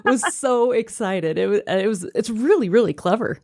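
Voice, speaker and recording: A woman co-hosts a podcast in casual chat, reacting with lively laughter. Her voice is mid-range and moderately paced, and the sound is clean studio audio with no room sound.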